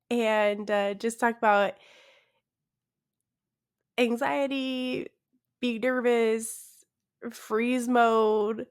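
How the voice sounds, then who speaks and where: Slow-talking tired woman podcast host. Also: fairly high pitch, steady tone, clean tone. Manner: awkward, self-deprecating, laughs often. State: tired, yawning. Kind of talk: casual solo podcast chat.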